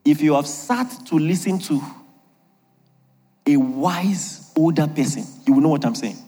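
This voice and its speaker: A man's voice: on the high side, a little slow, dark tone, breathy edge, in a large hall. A man preaching a humorous sermon on marriage, jokey and emphatic, laughing often at his own lines.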